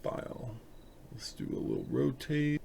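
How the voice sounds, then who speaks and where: A man's voice: mid-range voice, huge pitch swings, a little slow, creaky, warm tone, a little hiss or hum. A man hosting a casual live stream, chatting and thinking aloud as he works, a little self-conscious, in a room at home. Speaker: live stream host editing photos. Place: room at home with an open window.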